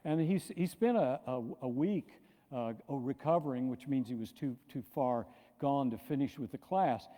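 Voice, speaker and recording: A man's voice: mid-range voice, normal speed. Older man lecturing in an echoey hall. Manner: lively, animated storyteller with frequent restarts. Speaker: pastor giving a lecture. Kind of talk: storytelling lecture. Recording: long hall reverb.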